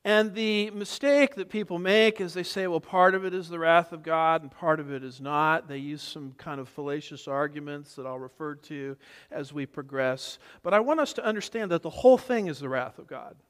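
A man's voice: a little high, normal speed, a bit bright, smooth. A man preaching an expository sermon, teaching emphatically and driving home repeated points. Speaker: pastor. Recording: reverberant hall.

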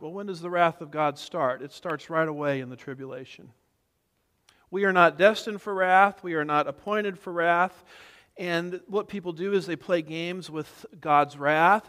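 A man's voice: on the high side, fairly bright tone. A man preaching an expository sermon, teaching emphatically and driving home repeated points. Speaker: pastor. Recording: reverberant hall.

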